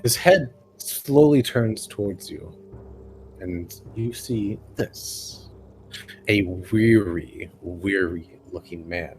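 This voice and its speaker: Slow, low-voiced male game master. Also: a little mellow, a little hiss or hum. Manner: slow descriptive narration with fillers. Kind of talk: narrating a tabletop game.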